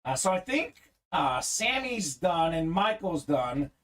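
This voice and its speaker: A man's voice: fairly high pitch, sing-song, slow pace, over a noisy crowd. A young man hosting a live card-break stream, chatting casually and reading viewer comments aloud.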